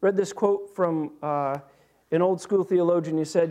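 A man with a notably high voice preaching a sermon. He talks in an animated, conversational way, stumbling into restarts and fillers as he goes. His pitch stays light and lifts higher still when he gets excited. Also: brisk. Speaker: pastor.

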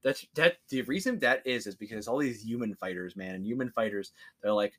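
A man's voice: on the low side, a little fast, few pauses, a bit bright. A man co-hosting a podcast in casual chat, swearing freely and laughing often. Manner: profane, laughs often, acts out quotes in funny voices. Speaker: podcast co-host.

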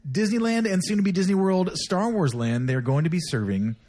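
A man's voice: high voice, animated, a little fast, darkish tone. A man hosting a podcast, chatting casually in a playful, teasing, joking way. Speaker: podcast host. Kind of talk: casual chat.

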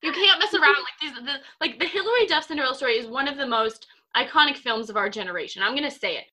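A bright-voiced young woman in her twenties, chatting with friends over a video call. She tells her stories in an animated, fired-up way, and her voice sits a little high. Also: quick pace. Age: 20s. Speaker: podcast co-host. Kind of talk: casual chat among friends on a video call.

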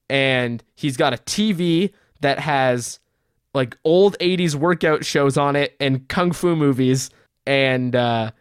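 A man's voice: fairly high pitch, clear, resonant tone, dry recording, clean studio sound. A man recapping a movie plot on a podcast in casual chat, blunt, profane and sarcastic. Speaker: podcast co-host reviewing a movie.

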